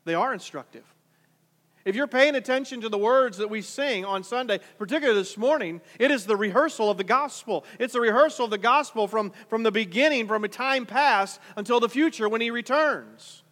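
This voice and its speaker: High-voiced preacher in a reverberant hall. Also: male voice, a little fast, a bit bright. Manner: conversational, repetitive restarts, rhetorical questions. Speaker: pastor. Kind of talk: sermon.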